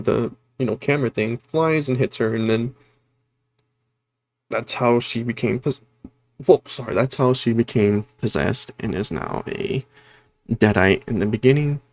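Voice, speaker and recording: A man's voice: lowish voice, darkish tone. A man casually reviewing a horror movie, rambling with many fillers and retelling scenes with energy.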